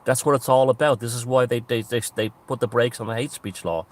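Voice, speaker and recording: A man's voice: mid-range voice, fairly even intonation, brisk. A man with an Irish accent delivering a scornful, ranting political monologue, sometimes mimicking others. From Ireland. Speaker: political commentator. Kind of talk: monologue commentary.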